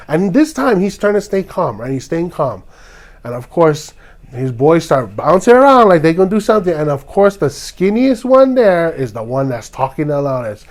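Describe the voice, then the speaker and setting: A man's voice: high voice, sing-song, normal speed, a little mellow. A man from Hawaii, hosting a podcast and ranting with heated indignation. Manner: heated and indignant, acts out others' lines. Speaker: podcast host. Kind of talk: ranting commentary.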